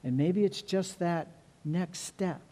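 A middle-aged man preaching a sermon as pastor, earnest, often repeating words and slowing down to stress key phrases. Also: high-pitched, mellow.

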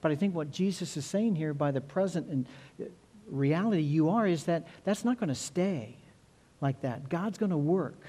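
A middle-aged man preaching a sermon as pastor, earnest, often repeating words and slowing down to stress key phrases. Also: on the high side, lively intonation, mellow.

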